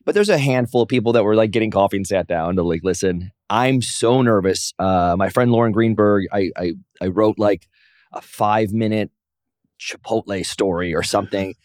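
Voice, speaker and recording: Telling stories as a guest in a casual interview, this professional wrestler and comic gets animated, acting out other people's quotes in raised voices. He has a lowish voice at normal speed, and the recording is dry and studio quality.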